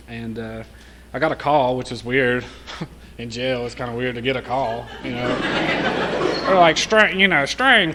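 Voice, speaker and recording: A man's voice: medium pitch, a little hiss or hum. A man sharing his recovery story in casual, profane storytelling, often laughing as he talks.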